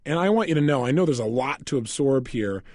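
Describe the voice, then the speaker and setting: A man's voice: mid-range voice, lively intonation, brisk, darkish tone, no echo, studio quality. A man coaching listeners in a recorded motivational lecture, telling a story with lots of energy and laughing often. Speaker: self-help coach.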